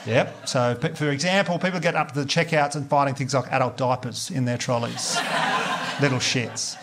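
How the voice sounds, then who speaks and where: A man's voice: mid-range voice, fairly even intonation, normal speed, background noise. An Australian man doing a stand-up comedy set, chatty and sweary, acting out bits of dialogue with the crowd. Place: comedy venue with live audience.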